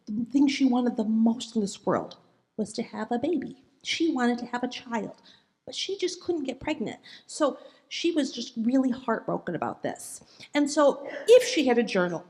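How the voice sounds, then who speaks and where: A woman giving a children's sermon in a church, speaking gently and asking the kids questions as she tells the story. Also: fairly high pitch, animated, moderate pace. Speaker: children's message leader.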